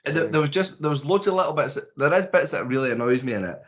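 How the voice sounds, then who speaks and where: A man's voice: a little high, animated, fast talker. A Scottish man co-hosting a podcast, reviewing a movie in casual, rambling chat with lots of swearing and restarts. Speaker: podcast co-host.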